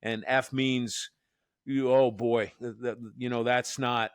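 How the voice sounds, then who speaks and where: A man's voice: mid-range voice, flat delivery, slow, clear, resonant tone, no echo. A man from the Northeastern US hosting a podcast as a professor, joking and rambling with many restarts. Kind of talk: casual podcast chat.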